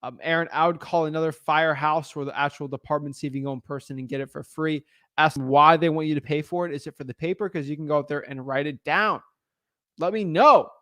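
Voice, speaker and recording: Energetic man hosting a live Q&A. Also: a little high, fast talker, no room sound, studio quality. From United States. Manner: energetic, repeats himself, many fillers and restarts. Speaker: livestream host answering viewer questions. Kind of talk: casual live Q&A.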